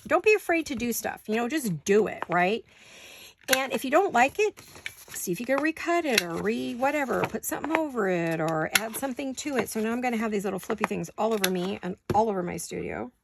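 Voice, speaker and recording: Casting note: rambling woman crafter, gravelly tone, hiccupy, noisy home studio with clicks. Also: fairly high pitch, expressive, fairly quick. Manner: chatty, rambling, self-correcting. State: has the hiccups. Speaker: crafting channel host. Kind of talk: casual crafting tutorial chat.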